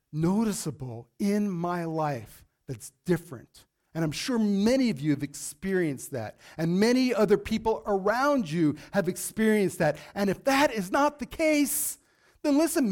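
A male pastor preaching a sermon emphatically, acting out quotes and dropping to a low, intense hush for warnings. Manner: emphatic, acts out scripture quotes.

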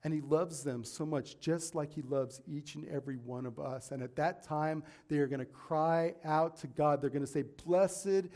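Male pastor, sermon delivery, earnest with emphatic peaks, slightly high-pitched. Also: normal speed, few pauses, dark tone. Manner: earnest, rising to emphatic peaks, with asides and paraphrases.

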